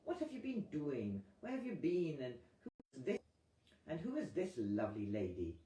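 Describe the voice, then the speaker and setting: A man's voice: a little high, huge pitch swings, moderate pace, mellow. A man voicing a brusque, doting restaurant owner woman. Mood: teasing. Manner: doting, calls everyone darling. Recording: echoey room with faint music.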